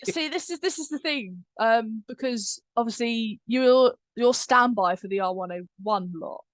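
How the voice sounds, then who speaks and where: A woman's voice: a little high, a little slow, no echo. Chatty woman hosting. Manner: chatty, laughs often. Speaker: host and producer. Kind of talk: casual chat.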